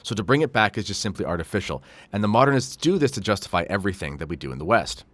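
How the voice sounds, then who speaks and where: A man's voice: lowish voice, very animated, rapid-fire, fairly bright tone, dry recording. A man hosting a commentary show, reading quotes aloud and adding critical, sarcastic remarks with frequent fillers. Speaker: host.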